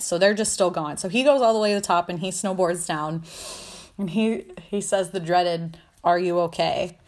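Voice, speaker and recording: A woman hosting a podcast, telling a personal story in a casual, animated way, swearing freely and laughing often. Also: fairly low pitch. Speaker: podcast host.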